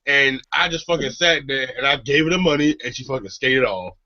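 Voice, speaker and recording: A man's voice: medium pitch, a little fast, pushed and bright, no room sound, lo-fi sound. A young man telling a story in casual podcast chat, rambling and swearing, often restarting his sentences.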